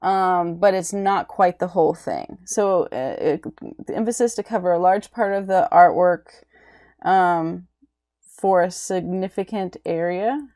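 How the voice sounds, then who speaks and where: A woman lecturing on art in an unhurried, lower voice. She stops often, restarts her sentences and fills the gaps with ums. She keeps checking in with a quick "right?". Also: warm tone. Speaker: art teacher. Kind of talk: recorded lecture.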